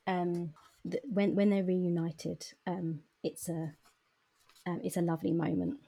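A woman co-hosts a casual book chat and reads passages aloud in a soft, near-whispered way. Her voice sits low and mellow, with a very breathy, husky grain. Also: flat delivery, measured pace. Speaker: podcast co-host.

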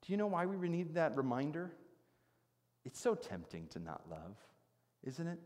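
A man in his thirties delivers a sermon as a pastor, earnest and conversational, often turning to rhetorical questions and quiet prayerful asides. His voice sits a little on the high side. The sound carries a long reverberant tail, like a large hall. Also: wildly swooping pitch, moderate pace, pauses often. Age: 30s.

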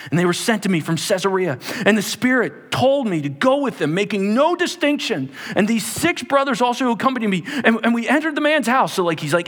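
A man preaching a sermon to a room, retelling scripture in a dramatic, animated way and acting out the people in it. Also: a little high. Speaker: pastor. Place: church hall.

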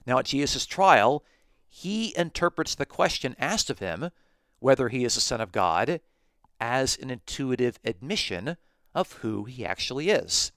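A man hosting a podcast, reading Bible verses aloud and explaining them in a measured way, slowing down to stress key phrases. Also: mid-range voice, big pitch swings, fairly bright tone, no room sound, studio quality. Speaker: podcast host teaching on scripture.

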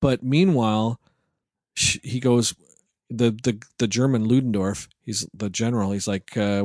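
A man's voice: mid-range voice, fairly even intonation, moderate pace, a little mellow, no echo, studio quality. Sarcastic, rambling man reviewing a movie. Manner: rambling, sarcastic, swears freely. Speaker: podcast co-host. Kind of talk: casual movie review chat.

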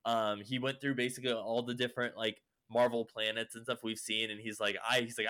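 Young man, bright forceful tone, rambling casual chat, lots of fillers and swearing. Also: medium pitch, level tone, fairly quick, few pauses. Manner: rambling, heavy use of "like" and swearing. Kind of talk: casual chat recapping a show.

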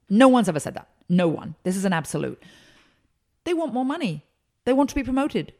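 Woman consultant, podcast guest; lively, emphatic storyteller with a mid-range voice. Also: mid-range voice, a little fast. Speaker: consultant and speaker. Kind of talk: podcast interview.

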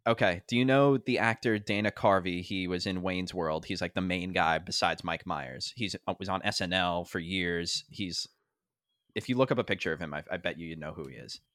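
Give me a young man with a lowish voice, in a rambling podcast chat. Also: normal speed, a bit bright, no room sound, studio quality. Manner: rambling storyteller, heavy on fillers, laughs often. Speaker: podcast co-host. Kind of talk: casual chat.

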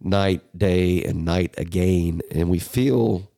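A man's voice: sits low, slow pace, warm tone, no room sound, clean studio sound. A young man co-hosting a podcast, rambling and swearing through casual banter. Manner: rambling, swears a lot, jokey. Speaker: podcast co-host.

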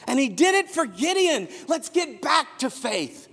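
Pastor, male, high animated delivery, storytelling sermon with shouted peaks, long hall reverb. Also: a little slow, creaky. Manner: storytelling, building to shouted emphasis.

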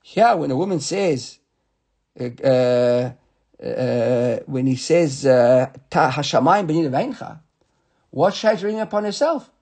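A man teaching a Talmud class who reads passages aloud, then explains them in a halting way, often repeating words. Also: medium pitch, animated, darkish tone.

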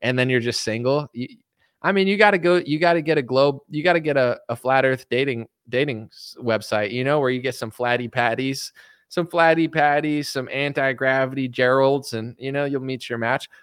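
An American streamer answers his audience's questions in a joking, meandering way, reading comments aloud as he goes. At normal speed, his mid-range voice sounds a bit bright, clear, and resonant, recorded dry at studio quality.

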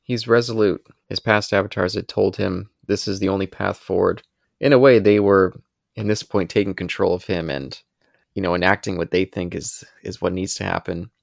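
A man's voice: low voice, fairly even intonation, normal speed, creaky, no echo, clean studio sound. A man co-hosting a podcast, casually recapping scenes of a cartoon in long descriptive runs. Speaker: podcast co-host.

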